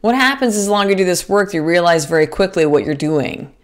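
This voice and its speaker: Her voice is fairly low and expressive, and she talks fast as she delivers a casual podcast monologue. Earnest and motivating, she addresses her listeners as "sister," swears without holding back, and often starts sentences over.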